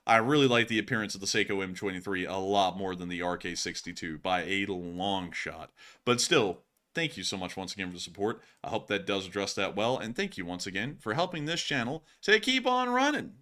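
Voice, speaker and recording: Animated male streamer, bright voice, swings his pitch a lot. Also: fairly quick. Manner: animated, bursts into loud goofy shouts and laughs. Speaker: livestream host. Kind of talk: casual livestream chat reading donations.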